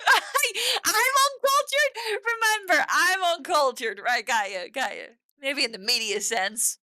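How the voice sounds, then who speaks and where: A young woman co-hosts a podcast with a bright, forward voice that sounds close and dry. She rambles through her points, keeps asking for agreement and pokes fun at herself. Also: on the high side, expressive, normal speed, dry recording. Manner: rambling, questioning, self-mocking. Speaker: podcast co-host. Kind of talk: casual podcast chat.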